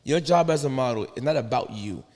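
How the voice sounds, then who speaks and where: A man's voice: mid-range voice, animated, fairly quick, darkish tone, big-room sound. A man hosting a podcast interview, talking bluntly and jokingly in street slang. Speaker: podcast host. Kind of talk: casual interview chat.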